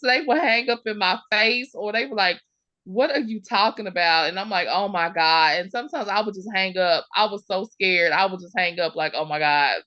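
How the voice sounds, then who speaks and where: A woman, teaching surplus funds recovery on a video call, telling stories in a lively, chatty way with folksy comparisons. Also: medium pitch, dry recording. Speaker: host, surplus funds mentor. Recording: dull lo-fi video call audio.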